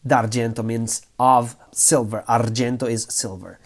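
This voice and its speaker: Man teaching lyrics slowly. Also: mid-range voice, animated. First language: Italian. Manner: slow, thinking aloud, switching between Italian and English. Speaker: Italian language teacher. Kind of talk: lyrics translation lesson.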